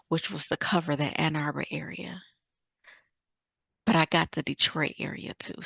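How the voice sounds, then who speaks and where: A middle-aged woman from Michigan shares a personal testimony at a leadership summit, her low voice carrying a gravelly edge. She tells the story earnestly and acts out the dialogue, with faith running through it. The sound is dry and close. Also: a bit bright, no echo. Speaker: summit speaker.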